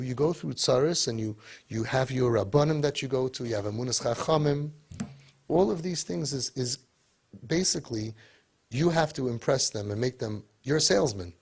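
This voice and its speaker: A man giving an animated motivational talk to parents, full of rhetorical questions. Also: mid-range voice, slightly rough. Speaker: speaker to parents.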